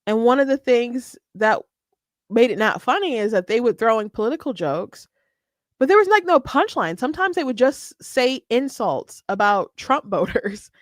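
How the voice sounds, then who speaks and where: A woman hosting her own show, giving casual political commentary in a chatty, animated way with frequent restarts. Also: on the high side, moderate pace, dry recording, studio quality.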